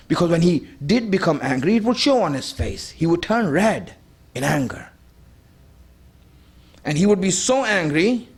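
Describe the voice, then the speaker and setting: A man's voice: high-pitched, breathy edge. A man delivering a sermon, emphatic and conversational, repeating his key points and putting rhetorical questions to the audience. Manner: conversational, addresses the audience directly. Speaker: religious speaker.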